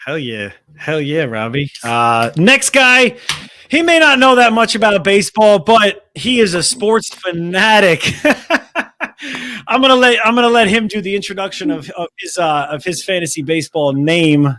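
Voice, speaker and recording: Bright high-voiced hyped male host. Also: expressive, moderate pace. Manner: hyped, slangy, filler-heavy. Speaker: podcast host. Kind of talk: casual sports podcast chat.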